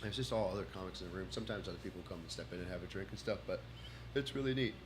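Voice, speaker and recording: A low-pitched, racing Texan voice belongs to a comedian rambling casually over his notes during a livestream. He keeps restarting, and there's a slight hum in the background.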